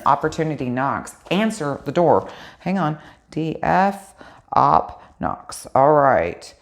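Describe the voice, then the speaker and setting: Low-voiced woman tarot reader, casual, excitable, swears freely, talks straight to her viewers. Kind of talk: casual tarot card reading.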